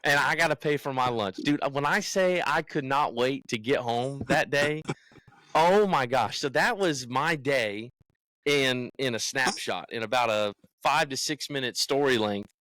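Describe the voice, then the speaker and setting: A man's voice: medium pitch, unhurried, sharp tone, no room sound, rough recording. A young man from the United States, a podcast co-host, tells a story in casual chat and acts out what other people said.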